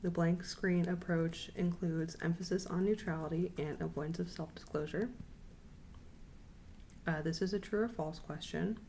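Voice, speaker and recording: A young woman giving a recorded class presentation, reading out quiz questions and options in a measured way, repeating them, with frequent ums. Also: on the low side, fairly even intonation, dark tone, a little hiss or hum. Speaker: counseling student presenting.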